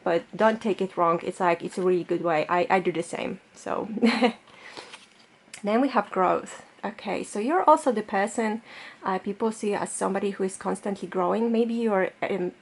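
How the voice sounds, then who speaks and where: A woman speaks to her viewers as a tarot reader, pitched in the middle for a woman. She is chatty and loose, and she fills her sentences with little fillers. Her tone is gentle and reassuring as she talks straight to the camera. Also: moderate pace. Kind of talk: pick-a-card tarot reading to camera.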